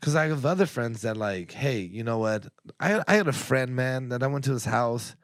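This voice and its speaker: A man's voice: medium pitch, animated, moderate pace, dry recording. A man co-hosting a podcast, telling a story in blunt, profane, worked-up casual chat, openly annoyed. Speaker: podcast co-host.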